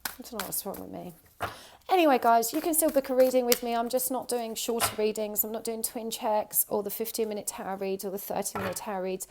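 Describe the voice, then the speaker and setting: A woman with a sore throat and an odd high-pitched twang, giving a pick-a-card tarot reading and often saying what she feels. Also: a little fast, background noise. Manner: intuitive, repeats "I feel like". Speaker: tarot reader.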